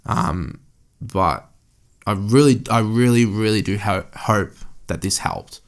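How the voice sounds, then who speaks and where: Speaking slowly in a lowish voice, a young podcast host delivers a casual solo monologue from an indoor room. He's candid and meandering, with frequent swearing.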